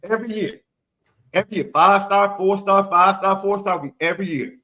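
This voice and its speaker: A man's voice: high voice, a little fast, bright, forceful tone. A man co-hosting a sports podcast, talking emphatically and repeating phrases for effect. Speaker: podcast co-host. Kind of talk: animated sports talk.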